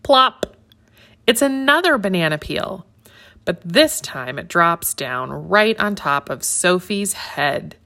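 A woman reading a children's story aloud in an expressive, sing-song way. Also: lowish voice, slow pace.

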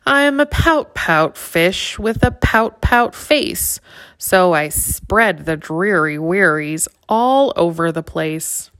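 A woman's voice: fairly low pitch, lively intonation, slow pace, a bit bright, no echo, heavily acted. A woman voicing a glum, gloomy male fish in a storybook reading, with a mopey sing-song refrain.

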